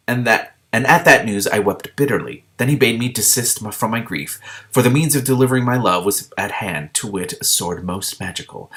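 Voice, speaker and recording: A man's voice: on the low side, fairly bright tone. A man voicing a weepy, melodramatic young princess who talks in old-fashioned, tragic phrasing.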